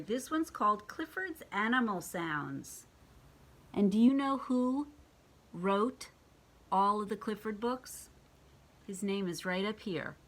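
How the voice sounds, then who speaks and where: Slow, animated older grandma reading aloud. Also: female voice, medium pitch. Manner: gentle and expressive, asking the children questions and acting out animal sounds. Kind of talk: reading picture books aloud to children.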